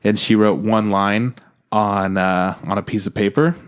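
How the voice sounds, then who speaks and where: A lower-pitched man co-hosting a podcast, speaking into his microphone. His casual chat is earnest and emotional, with frequent swearing. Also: fairly even intonation, measured pace, clean tone. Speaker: podcast co-host. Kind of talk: casual chat about an anime.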